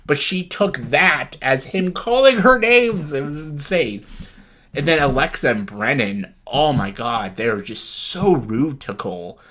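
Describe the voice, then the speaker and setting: A man's voice: on the high side, expressive, a little slow, bright, forceful tone. A young man vlogging casual commentary on a reality show, talking bluntly with lots of swearing and exasperation. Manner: blunt, heavily profane, exasperated ranting.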